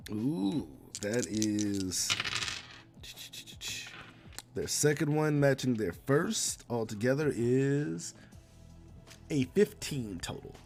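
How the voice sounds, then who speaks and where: A man narrating a tabletop game as game master, casual and laughing, with many fillers. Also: mid-range voice.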